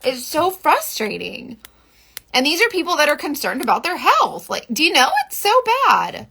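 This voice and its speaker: A woman's voice: high voice, sing-song, moderate pace, creaky, pushed and bright. A woman in her thirties from Florida, chatting and venting on a makeup livestream, talkative and exasperated, with the odd swear word. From Florida, USA. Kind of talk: casual livestream chat.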